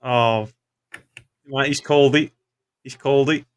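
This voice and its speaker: A man's voice: medium pitch, fairly even intonation, a little slow, smooth. A man hosting a football phone-in, upbeat and casual, saying "mate" constantly. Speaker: phone-in host.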